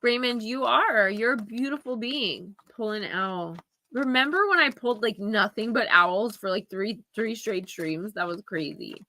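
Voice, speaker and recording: A woman's voice: medium pitch, lively intonation, a little slow, bright, forceful tone. A woman hosting a live oracle card reading, giving earnest, emphatic advice straight to her viewers. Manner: earnest, emphatic, confiding, speaks to viewers directly.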